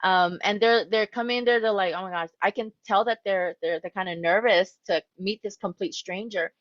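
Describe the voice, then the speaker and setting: A woman mental health counselor presenting a webinar in a relaxed, conversational way, often voicing what a client might think. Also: medium pitch, moderate pace, no echo, lo-fi sound.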